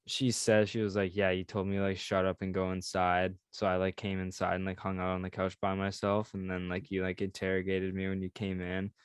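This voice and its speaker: A man in a casual chat, talking in a relaxed, slangy way with lots of "like" and "yo". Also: low-pitched, brisk, few pauses, clean tone, no room sound, clean studio sound. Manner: relaxed, slangy, says "like" and "yo" often. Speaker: podcast host.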